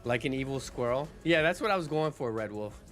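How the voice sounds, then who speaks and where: A man's voice: mid-range voice, brisk, faint music behind. A man streaming a game, chatting casually and rambling to his viewers. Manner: relaxed, rambling, with restarts and fillers.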